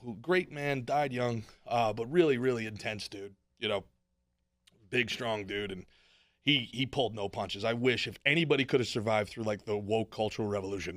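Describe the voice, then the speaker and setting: Male podcast host, comedian, teasing, mid-pitched, dry. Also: dry recording. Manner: teasing, joking, animated. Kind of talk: casual podcast chat.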